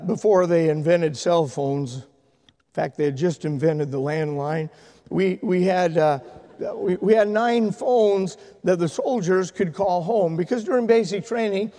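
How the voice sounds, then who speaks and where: A male pastor telling stories in a sermon, swinging from loud, excited shouting to hushed, tender speech. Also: high-pitched, in a large hall. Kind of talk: sermon storytelling. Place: church sanctuary.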